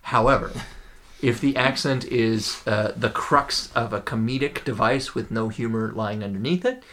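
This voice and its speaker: A man's voice: mid-range voice, normal speed, a bit bright. Male podcast co-host, wry and rambling, mid-range voice. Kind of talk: casual film discussion.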